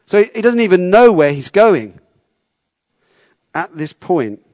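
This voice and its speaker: Male preacher, sermon, fairly high voice, close dry sound, chatty and questioning. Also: very animated, a little slow, a little mellow, dry recording. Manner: conversational, repeats words, asks the listeners questions.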